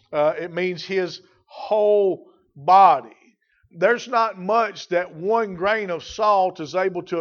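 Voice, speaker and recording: A man's voice: high-pitched, lo-fi sound. A man preaching a sermon as pastor, emphatic and repeating key phrases for weight.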